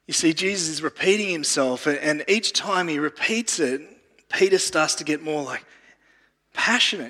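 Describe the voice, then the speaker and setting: A man's voice: high voice, normal speed, a bit bright. A male pastor giving an earnest sermon who often repeats words while he gathers his thoughts. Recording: long reverb of a large room.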